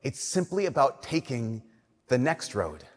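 A young man preaching a sermon as a Catholic priest, talking conversationally, sometimes playful and sometimes dropping to a hushed, earnest tone. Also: mid-range voice, big pitch swings, measured pace. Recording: long reverb of a large church.

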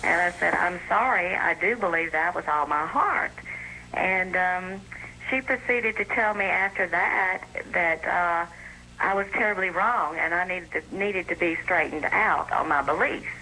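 A woman's voice: on the low side, unhurried, pushed and bright, a little hiss or hum, rough recording. A woman in her forties calls in to a radio show and earnestly tells her story step by step. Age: 40s. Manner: earnest, recounts a dispute step by step. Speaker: caller.

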